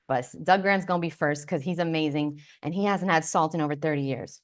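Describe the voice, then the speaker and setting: A woman with a low-pitched voice talks fast while hosting a casual livestream on a close microphone, chatting right to her viewers. She comes across brash and playful, with lots of swearing.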